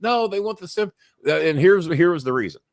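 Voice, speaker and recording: A man's voice: high voice, animated, brisk, dry recording, studio quality. A man hosting a casual livestream show, telling rambling, profane stories. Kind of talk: casual chat and storytelling.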